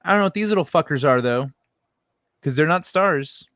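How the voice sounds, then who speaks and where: A man's voice: a little high, animated, normal speed, a bit bright, no echo. A young adult man hosting a late-night livestream, chatting casually and reading viewer messages, loose and profane, rambling with many restarts. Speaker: livestream host.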